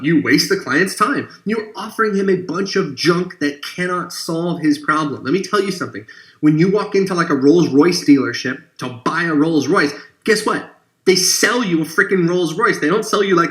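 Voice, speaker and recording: Guy pitching a webinar, punchy and sarcastic, kinda echoey room. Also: a bit bright. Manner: emphatic, sarcastic, fast-building lists. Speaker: webinar presenter for coaches.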